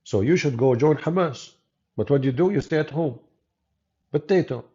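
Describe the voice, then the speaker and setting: A man's voice: a little high, moderate pace, warm tone. A man with an Arabic accent, a native Arabic speaker, giving mocking, sarcastic live-stream commentary as a debater and channel host. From Arab world. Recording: dull lo-fi audio.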